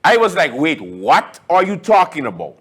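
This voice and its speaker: A male talk-show host tells stories about politicians with a sarcastic edge. His voice sits slightly high, and he slows down to hammer home each point. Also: huge pitch swings, a bit bright, breathy edge. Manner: conversational, emphatic, sarcastic. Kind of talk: casual political commentary.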